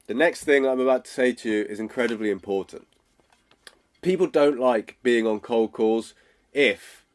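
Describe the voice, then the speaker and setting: A man, teaching sales in a direct, casual way and often checking in with "okay?". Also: medium pitch. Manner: direct, acts out phone calls, checks in with "okay?". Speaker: sales coach.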